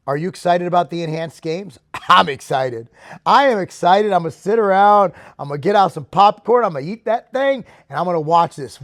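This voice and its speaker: A man hosting a fitness show, giving his opinions in casual talk to the camera. He is emphatic and excitable and speaks straight to his viewers. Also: on the high side, no echo, clean studio sound.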